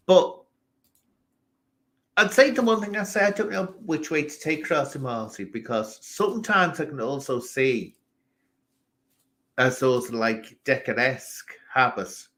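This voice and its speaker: A man's voice: a little high, fairly bright tone. A man from England hosting a casual live stream, ranting animatedly and talking straight to people in the chat.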